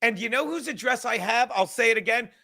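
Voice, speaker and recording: A man's voice: very high-pitched, animated, vocal fry, sharp tone. A man hosting a podcast, ranting sarcastically and with heavy profanity as he reacts to clips. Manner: sarcastic, profane, fast-building rant. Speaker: podcast host. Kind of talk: animated ranting commentary.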